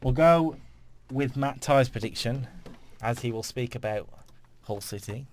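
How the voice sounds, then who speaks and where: A man's voice: mid-range voice, unhurried, a little mellow. A man hosting a casual football podcast, joking and laughing as he steers the segments. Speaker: podcast host.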